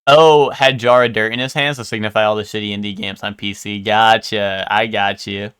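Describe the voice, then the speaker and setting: A man's voice: fairly low pitch, steady tone, moderate pace, a bit bright, clean tone. A young man chatting casually with his viewers during a live game stream, joking and riffing on chat.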